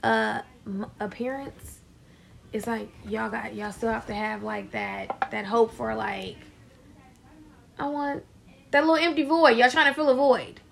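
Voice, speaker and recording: A woman's voice: on the high side, measured pace, vocal fry, background noise. A woman co-hosting a podcast, speaking bluntly and frankly in casual chat. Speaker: podcast co-host.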